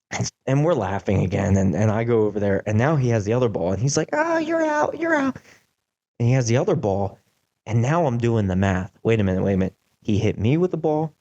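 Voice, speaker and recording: Young man, podcast host, casual storytelling, mellow low voice, lively, filler words. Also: dull audio. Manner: animated, acts out quotes, many "like" fillers.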